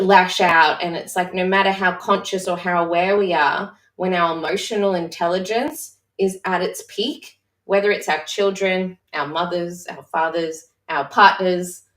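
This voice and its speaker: A mother leading a discussion session who talks in a candid, reflective, halting way with frequent restarts. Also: lowish voice, steady tone, a bit bright. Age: adult mother. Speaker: session facilitator. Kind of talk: personal sharing in a live-streamed discussion. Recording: roomy echo, voice far from the mic.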